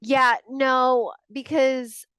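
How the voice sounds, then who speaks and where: A woman co-hosting a podcast in casual chat, wry and quick to agree, with short joking asides. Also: high-pitched, little pitch movement, a bit bright, clean tone, no room sound, clean studio sound. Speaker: podcast co-host.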